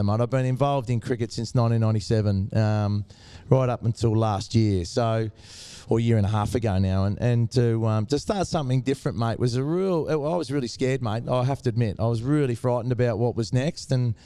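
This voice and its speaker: Middle-aged Australian man, easygoing storyteller, mellow and resonant, close and dry. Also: medium pitch, steady tone, brisk, few pauses, smooth, no room sound. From Tasmania, Australia. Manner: laid-back, says mate a lot. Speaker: guest, former cricketer. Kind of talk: casual interview storytelling.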